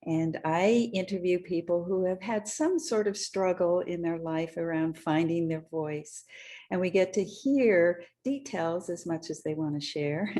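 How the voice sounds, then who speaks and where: A woman's voice: on the low side, darkish tone. A woman hosting a podcast, introducing her guest with light laughs. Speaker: podcast host. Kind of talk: interview introduction.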